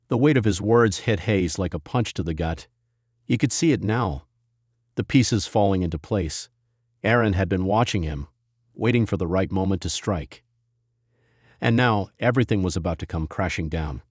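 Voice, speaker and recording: A man narrating a scripted dramatic story in a steady storytelling manner. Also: lowish voice, normal speed, breathy edge, no echo, studio quality.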